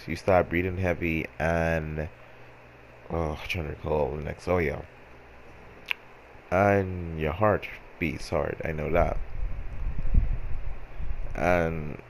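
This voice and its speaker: A man's voice: low-pitched, slight background noise, poor audio. A man telling a story in a casual, rambling way, often correcting himself and repeating phrases with wry, self-mocking humor. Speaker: storyteller vlogger.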